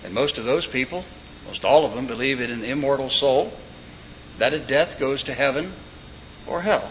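A man's voice: medium pitch, moderate pace, a bit bright. A man preaching a sermon in a folksy way, with joking asides and short told stories. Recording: dull lo-fi recording with faint background noise.

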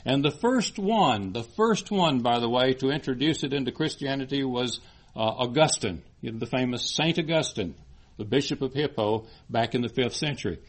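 A man's voice: medium pitch, lively intonation, normal speed. A man preaching a sermon in an earnest teaching manner, often repeating phrases and lifting his voice on scripture quotes.

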